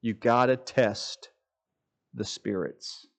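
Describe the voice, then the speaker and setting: A middle-aged man giving an informal preaching talk, conversational and animated, mimicking voices when he tells stories. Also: mid-range voice, takes it slowly, gravelly. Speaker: Christian speaker.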